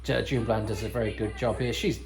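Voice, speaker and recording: A man's voice: lowish voice, fairly even intonation, a little fast, gravelly, faint music behind, poor audio. A man hosting a podcast, giving casual, rambling commentary over a TV episode with wry asides and frequent self-corrections. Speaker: podcast host.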